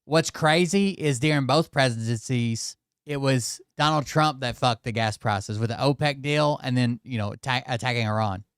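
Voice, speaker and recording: A man's voice: medium pitch, moderate pace, hardly any pauses, smooth, no echo, studio quality. A man hosting, giving casual offhand reactions to videos, often muttering and trailing off. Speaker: host.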